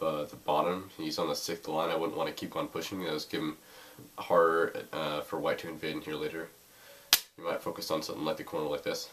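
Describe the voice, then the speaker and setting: Young male teacher, deep voice, casual and hesitant, slightly off-mic. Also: recorded from a distance. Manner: hesitant, many ums and uhs. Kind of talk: casual spoken lesson over a board. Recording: faint noise, voice a bit off-mic.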